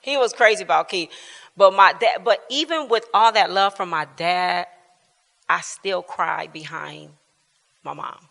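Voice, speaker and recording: A woman in her fifties teaches a church Bible class with a bright, sharp-edged voice. She tells personal family stories earnestly and informally, laughing often. Her voice carries a long reverb from the church hall. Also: lowish voice, a little slow, vocal fry. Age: 50s.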